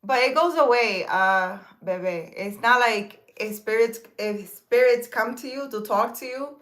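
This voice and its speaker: Chatty woman with a fairly high voice. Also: unhurried, a bit bright. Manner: rambling, chatty, with many fillers and restarts; reads viewer comments aloud and answers them. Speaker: spiritual healer. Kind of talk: casual chat to viewers.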